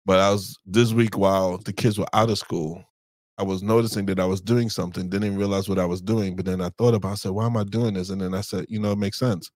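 A man co-hosting a casual podcast chat about marriage, a relaxed storyteller who acts out past conversations. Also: low voice, fast talker, no echo. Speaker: podcast co-host.

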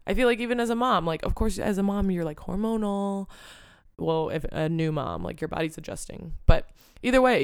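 A young woman hosts a solo podcast and talks frankly, swearing freely and filling her talk with "like" and "you know." Her voice has a gravelly fry, yet it stays very clean and clear. The sound is dry and close to the mic. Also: sits low, darkish tone, no room sound. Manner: candid and profane, lots of fillers like "like" and "you know". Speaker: podcast host. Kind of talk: casual solo podcast monologue.

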